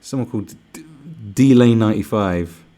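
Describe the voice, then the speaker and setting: A man's voice: fairly low pitch, moderate pace, warm tone. A man hosting a livestream, ranting sarcastically with lots of swearing. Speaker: livestream host. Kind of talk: livestream rant.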